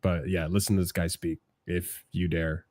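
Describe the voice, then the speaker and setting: A man casually reacting to football clips, swearing and ranting excitably. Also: deep voice, moderate pace.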